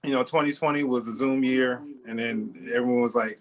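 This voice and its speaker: A man's voice: mid-range voice, little pitch movement, normal speed, rough recording. A middle-aged man performing a rambling stand-up comedy set over a video call, with lots of restarts as he tells stories about his family. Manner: rambling storytelling with frequent restarts.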